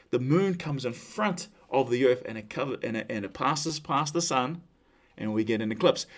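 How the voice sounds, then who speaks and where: A man preaching a sermon, animated and emphatic, putting questions to his listeners. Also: fairly high pitch. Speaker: pastor.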